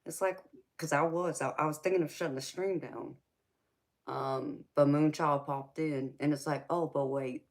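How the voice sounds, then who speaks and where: A woman's voice: low voice, fairly even intonation, moderate pace. A woman with a Southern American accent, chatting sassily with viewers on a tarot livestream and calling them baby. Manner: sassy, drawling, calls viewers baby. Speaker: tarot reader hosting a livestream. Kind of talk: casual livestream chat with viewers.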